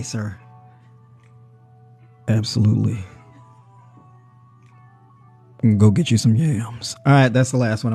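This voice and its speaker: Male livestream host, mid-pitched, chatty and joking, keeps asking "right?"; faint music under him. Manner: joking, conversational, tags with "right?" and "you know". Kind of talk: casual livestream chat on diet. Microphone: personal mic.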